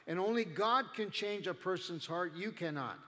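A man's voice: high-pitched, animated, normal speed, a bit bright, long reverb tail. A male pastor preaching a sermon in a conversational way, acting out the people he quotes. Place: church.

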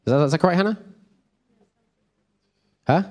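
This preacher, whose voice is on the high side at a moderate pace, teaches a church group casually. He is chatty and rambling, often pausing to check in with his listeners.

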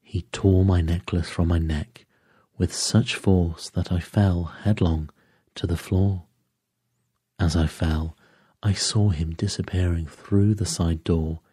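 A man voicing a shaken aristocratic lady in an audiobook, speaking in a hushed, half-whispered way. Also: low-pitched, steady tone, takes it slowly, slightly rough, dry recording, studio quality, full character voice. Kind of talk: audiobook character voice.

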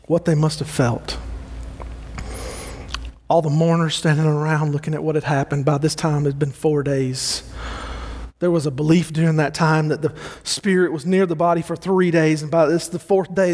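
A man preaching a sermon with passion, climbing to emphatic peaks and then slowing into soft, quiet pauses. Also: a little high, in a large hall, slight background noise. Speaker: pastor.

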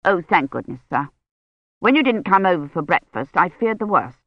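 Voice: medium pitch, big pitch swings, moderate pace, no room sound, dull audio. A narrator voicing an anxious, fussy male college servant who speaks fretfully and deferentially, in an audiobook.

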